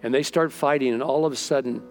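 A man's voice: medium pitch, steady tone, quick pace. Storytelling male pastor over faint music. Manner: storytelling, acts out quoted dialogue. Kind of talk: sermon.

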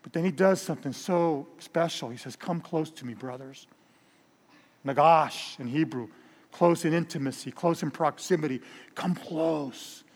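A man preaching to a large congregation, animated and storytelling, often stumbling over repeated words. His voice sits a little high for a man. The long reverb of a big church hall trails behind every phrase. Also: moderate pace. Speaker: pastor. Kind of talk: sermon.

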